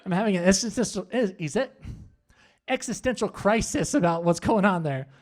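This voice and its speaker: A man hosting a comedy show on stage, doing his stand-up set with punchy, animated delivery and asides to the crowd. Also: high-pitched, brisk. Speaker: stand-up host. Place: comedy club. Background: audience laughter.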